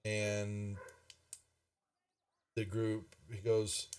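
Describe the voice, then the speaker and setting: A man's voice: fairly low pitch, monotone, extremely slow, clean tone, distant mic. Rambling male game master. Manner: rambling, filler-heavy. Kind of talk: narrating a tabletop game.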